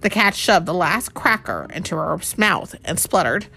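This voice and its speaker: A woman's voice: lowish voice, lively intonation, normal speed, gravelly, pushed and bright, soft background music. A woman reading a storybook aloud to her child at home, chatty and asking him questions along the way.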